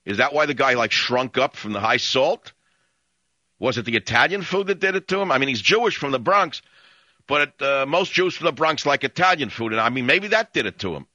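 A man's voice: medium pitch, lively intonation, a little fast, sharp tone, no echo, muffled recording. A man hosting a call-in radio show in a studio, rambling and sardonic with strong opinions. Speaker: radio talk show host. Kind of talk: talk radio monologue and call-in. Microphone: studio microphone.

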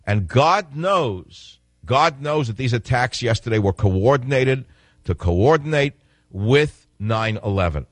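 A man's voice: mid-range voice, lively intonation, slow, no echo. A man hosting a political radio talk show, speaking in an emphatic monologue that repeats and stresses key phrases.

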